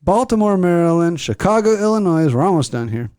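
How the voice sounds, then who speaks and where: A man's voice: high voice, big pitch swings, fairly quick, dry recording, clean studio sound. A man co-hosting a casual podcast, rambling and joking as he reads out listener locations. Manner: rambling, jokey, reads listener shout-outs. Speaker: podcast co-host.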